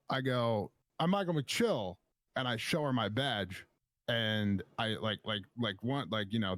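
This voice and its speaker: A man's voice: medium pitch, dry recording, studio quality. A man casually telling a story on a stream, swearing often and acting out both sides of an argument. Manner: profane, animated retelling with quoted back-and-forth.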